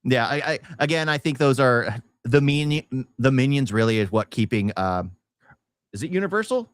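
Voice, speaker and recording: A man's voice: medium pitch, expressive, moderate pace, no room sound, clean studio sound. A married man co-hosting a casual podcast, chatty and laughing often. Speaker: podcast co-host. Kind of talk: casual chat.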